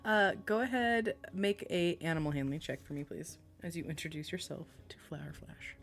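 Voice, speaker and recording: A woman's voice: low-pitched, normal speed, soft background music. A woman running a tabletop game as game master, narrating in a rambling, giggly way full of fillers.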